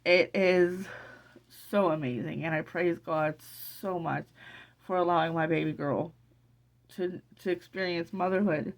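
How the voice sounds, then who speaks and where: A middle-aged woman talks straight to her viewers in a casual vlog, teary and bubbling with excitement. Her voice sits fairly low, and she rambles, restarting her sentences again and again. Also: moderate pace, vocal fry. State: teary from crying. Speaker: vlogger.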